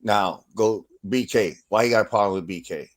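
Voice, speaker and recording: A man co-hosting a livestream, ranting casually in an animated, profane way with bursts of laughter. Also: fairly low pitch, normal speed.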